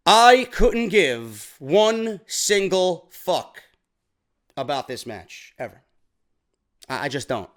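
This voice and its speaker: A man's voice: on the high side, big pitch swings, takes it slowly, pauses often, fairly bright tone. A man hosting a wrestling show, ranting bluntly and with exasperation about the matches he dislikes. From New York. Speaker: wrestling podcast host. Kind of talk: opinionated wrestling commentary.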